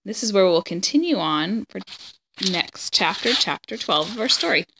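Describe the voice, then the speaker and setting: A woman reading a children's chapter book aloud, with steady, even storytelling. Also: medium pitch, normal speed, background noise. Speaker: story reader.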